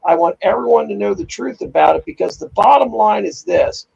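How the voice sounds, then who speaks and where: A man hosting a casual chat, telling animated, profane stories and acting out quotes. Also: sits high, a little fast, creaky, husky, dry recording, dull audio. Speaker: podcast host.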